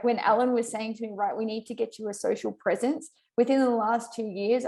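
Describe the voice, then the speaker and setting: Quick-witted woman co-hosting a podcast. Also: a little high, darkish tone. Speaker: podcast co-host, business owner. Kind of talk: casual podcast chat.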